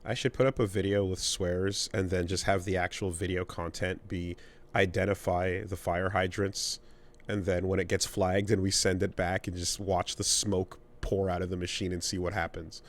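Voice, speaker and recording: A man co-hosting a podcast in relaxed, casual chat, thinking aloud. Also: deep voice, moderate pace. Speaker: podcast co-host.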